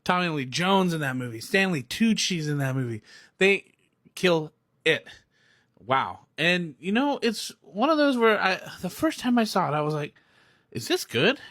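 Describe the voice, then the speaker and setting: A man's voice: high voice, normal speed, no room sound, studio quality. A young man ranting casually about a movie, rambling and laughing as he talks. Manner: excitable, rambling, laughs often. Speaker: movie reviewer. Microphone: recorded on phone or camera, self-filmed.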